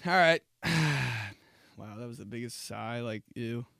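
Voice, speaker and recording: A man's voice: mid-range voice, unhurried, vocal fry, a bit bright, dry recording, studio quality. Crude, rambling comic male podcaster. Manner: crude, rambling, jokey storytelling. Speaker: podcast host. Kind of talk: casual comic monologue.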